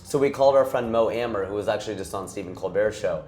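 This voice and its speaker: A man's voice: on the low side, fast, a little mellow, reverberant. A man hosting an interview, chatty and jokey, rambling through questions and stories. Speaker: host, comedian. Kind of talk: casual interview chat.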